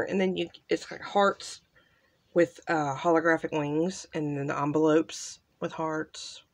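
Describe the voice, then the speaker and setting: A woman hosting a casual crafting unboxing, gushing softly and trailing off into quiet asides. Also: sits low, gravelly. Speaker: crafting channel host. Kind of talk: casual unboxing show-and-tell.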